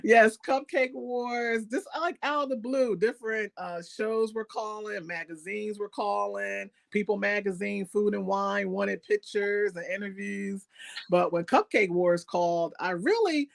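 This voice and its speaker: A woman chef as an interview guest, telling stories in a lively, animated way and laughing often. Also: medium pitch, unhurried, gravelly. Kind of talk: casual interview storytelling.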